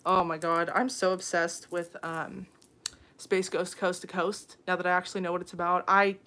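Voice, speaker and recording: A woman's voice: on the low side, level tone, moderate pace, pushed and bright. A young woman hosting a casual livestream, chatting with viewers, reading their comments aloud, with frequent ums and laughs. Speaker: livestream host.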